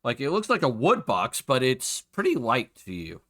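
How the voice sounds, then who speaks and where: Male GM, bright, forceful voice, loose casual narration. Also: medium pitch, wildly swooping pitch, moderate pace. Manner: casual, chatty, with frequent fillers. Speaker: game master. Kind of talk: narrating a tabletop game.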